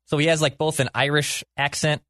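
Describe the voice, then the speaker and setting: A man's voice: a little high, flat delivery, fairly quick, a bit bright, no echo, clean studio sound. A man co-hosting a casual movie podcast, giving short, easygoing replies. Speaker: podcast co-host.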